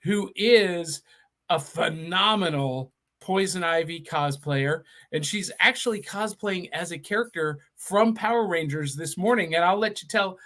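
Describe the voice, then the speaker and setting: High bright-voiced guy hosting a live stream, super excited, trips over his words. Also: measured pace. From Middle Tennessee. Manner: enthusiastic, chatty, stumbling restarts. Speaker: host. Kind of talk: casual live show hosting.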